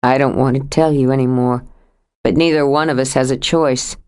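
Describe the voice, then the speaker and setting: A woman voicing a troubled grown man who speaks in a low, steady, earnest way as he confesses to his lover in an audiobook. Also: normal speed, clean tone. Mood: earnest, pleading. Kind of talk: audiobook character voice.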